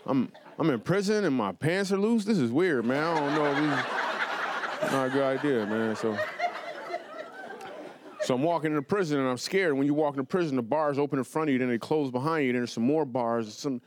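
A man doing stand-up comedy storytelling in a TV studio, animated and playful, with quick asides to the audience. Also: medium pitch, very noisy. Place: television studio before a live audience.

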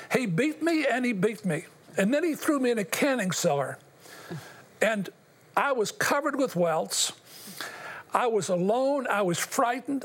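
Older male guest, husky tone, earnest and halting, testimony-style storytelling. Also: high voice. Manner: earnest, halting, with long pauses. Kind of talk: personal testimony in an interview.

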